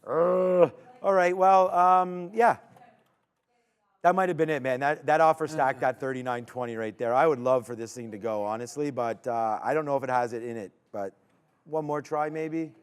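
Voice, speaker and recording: A man calling trades live on a stock stream, his voice smooth and resonant. He talks to the chart as it moves, cheering the price on and groaning when it stalls, sometimes jumping to near shouts. The delivery is loose and unscripted. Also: medium pitch, moderate pace. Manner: restless, urging the price on, rising to excited shouts. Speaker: stock trading stream host. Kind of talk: live trading commentary.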